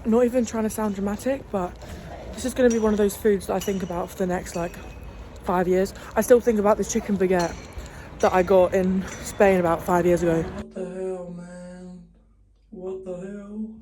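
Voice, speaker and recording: Background noise is slight as a young British woman vlogs outdoors during her travels, talking a little fast in a mid-range, steady, dark-toned voice. Her British English chatter is rambling and casual. She laughs often and swears freely.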